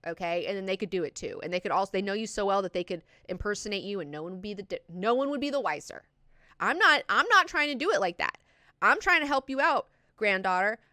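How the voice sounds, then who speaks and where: A woman's voice: mid-range voice, lively intonation, fast, sharp tone, no echo, clean studio sound. A woman voicing an old male villain, a scheming ghost grandfather who bargains in a wheedling tone.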